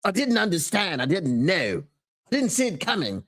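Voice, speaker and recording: A man's voice: high-pitched, huge pitch swings, normal speed, a bit bright, full character voice. A man putting on a whiny British-accented football veteran. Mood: self-pitying. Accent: put-on British. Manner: melodramatic, wounded, repetitive. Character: whiny aging male football player, self-pitying.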